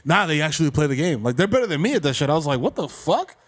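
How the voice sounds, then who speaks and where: A slangy New York man co-hosts a comedy podcast and laughs easily. His voice is fairly high and animated. It is relaxed studio banter between friends. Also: very fast. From the Bronx. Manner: laughs often, slangy and loose. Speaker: podcast co-host.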